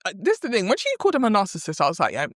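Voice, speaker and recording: A woman's voice: mid-range voice, huge pitch swings, racing, dry recording, studio quality. A woman co-hosting a podcast, telling a story animatedly in casual chat with quoted voices. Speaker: podcast co-host.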